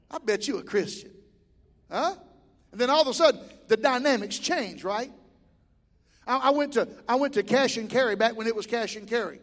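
High-voiced preacher in a hall. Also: male voice. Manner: folksy, preaching with rising shouted builds. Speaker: pastor. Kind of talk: sermon. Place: church sanctuary. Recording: church hall reverb.

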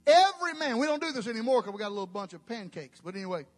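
A man's voice: very high-pitched, very animated, very fast, big-room sound. A male pastor, preaching emphatically with folksy, joking asides. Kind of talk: sermon.

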